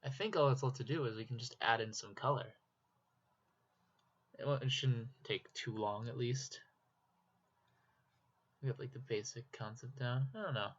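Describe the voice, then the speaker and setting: A man's voice: medium pitch, moderate pace, long pauses, husky. A young man from Minnesota with a Minnesotan accent, rambling casually to himself while drawing, with self-deprecating asides. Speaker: YouTuber. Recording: dull lo-fi mic.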